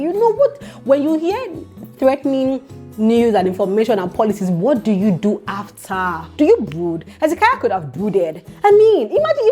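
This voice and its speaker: A woman casually retelling a Bible story as encouragement, animated and full of exclamations. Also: fairly high pitch. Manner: animated, exclaiming, preacherly asides. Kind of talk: casual devotional teaching.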